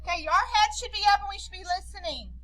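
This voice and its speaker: A woman teacher leading a slow, deliberate phonics drill with her class, giving short sounding-out prompts. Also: extremely high pitch, animated, a bit bright, poor audio.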